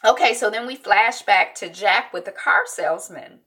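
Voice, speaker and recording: A woman's voice: mid-range voice, moderate pace, bright, forceful tone. A woman recapping a TV episode in a chatty, emotional way, retelling scenes with quoted lines. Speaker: TV recap vlogger.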